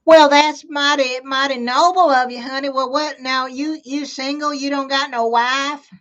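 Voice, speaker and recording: High folksy woman calling everyone honey. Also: steady tone, fairly bright tone, lo-fi sound. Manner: folksy, calls people honey, drawn-out questions. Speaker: scam-baiter co-host. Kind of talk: playing along on a live call.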